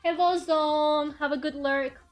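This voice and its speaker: A woman streams casual chat from her own room, rambling, talking to her viewers and sometimes swearing. Her voice sits high with a steady tone and a measured pace, and faint music plays behind.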